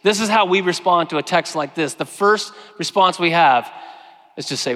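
A man preaching a sermon, earnest, slowing down and growing quiet when he quotes scripture. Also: a little high. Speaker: pastor. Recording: long hall reverb.

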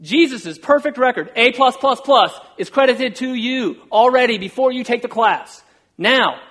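Man, pastor, sermon, conversational, self-deprecating, fairly high-pitched. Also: a bit bright. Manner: conversational and self-deprecating, acts out quoted dialogue.

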